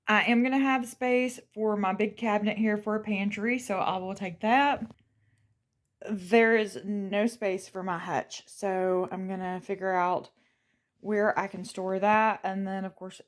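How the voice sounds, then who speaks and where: Woman, casual vlogger, slow and chatty, mid pitch. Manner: chatty, thinking aloud, trailing off softly. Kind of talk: casual vlog chat.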